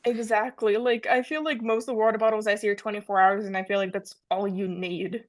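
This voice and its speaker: A young woman co-hosts a casual podcast in an easygoing way. She swears casually and laughs along with her friend. Her voice sits at a middle pitch. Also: steady tone, brisk. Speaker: podcast co-host. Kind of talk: casual chat.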